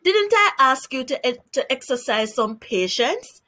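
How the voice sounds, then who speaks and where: A woman voicing the sly male spider trickster Anansi in a storybook reading, smooth and persuasive. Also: high-pitched, sing-song, measured pace, sharp tone, pitched above the performer's own voice, exaggerated voice. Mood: coaxing.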